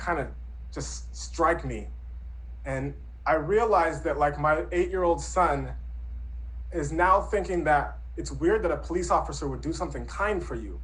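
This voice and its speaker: A man's voice: a little high, rough recording. A man in his thirties telling a true personal story in an earnest, reflective, conversational way. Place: Brooklyn.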